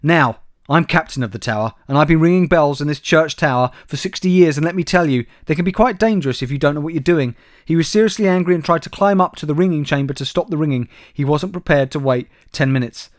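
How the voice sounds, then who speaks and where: A man with a fairly high voice talks fast as co-host of a comedy podcast, reading news stories aloud with dry, wry asides and addressing his co-host by name. There's no echo.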